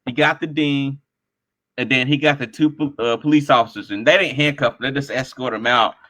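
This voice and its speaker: A man telling stories as an interview guest, animated and acting out the lines of other people. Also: mid-range voice, fairly quick. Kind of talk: casual storytelling.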